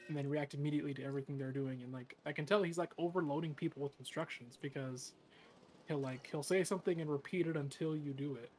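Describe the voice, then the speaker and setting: A man's voice: fairly high pitch, steady tone, quick pace, darkish tone, slight background noise. Frank young man venting. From California. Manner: frank, swears often, vents about annoyances. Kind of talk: casual chat.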